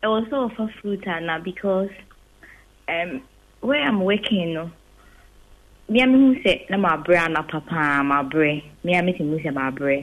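A woman's voice: lowish voice, a little slow. A woman with a Ghanaian accent calling in to a radio show, telling her story in a rambling, pidgin-flavored way. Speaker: radio caller. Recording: tinny phone line.

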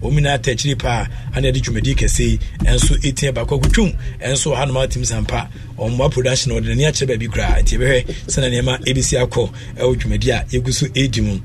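Presenting a casual sports radio show, this man with a Ghanaian accent has a mid-range voice and a steady tone, talking a little fast with hardly any pauses over a noisy background. He rambles, switching between Twi and English and filling his speech with many fillers.

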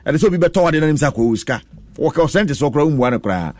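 Ghanaian radio sports host, dry studio sound. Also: male voice, fairly high pitch, fast talker, dry recording. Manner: lively, reads out listener messages, laughs often. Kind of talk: radio sports talk, switching between Twi and English.

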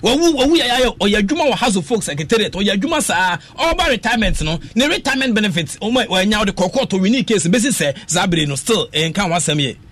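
A Ghanaian man with a strikingly high, husky voice argues about football on radio. He talks quickly, with a lot of pitch movement, and slips into sing-song phrases. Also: very animated, fairly bright tone. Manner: passionate, switches between English and Twi, sing-song phrases. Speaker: radio sports talk panelist. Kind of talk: animated radio sports talk.

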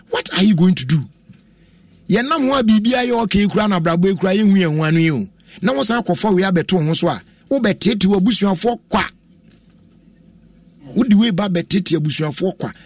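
Animated Ghanaian man hosting radio talk. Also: sits high, husky, no echo. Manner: animated, switching between languages, with laughs and exclamations. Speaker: radio show host. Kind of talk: casual radio talk commentary.

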